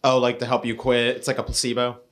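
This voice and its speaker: Laid-back questioning podcast co-host. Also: male voice, medium pitch, monotone, quick pace, a bit bright. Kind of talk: casual chat.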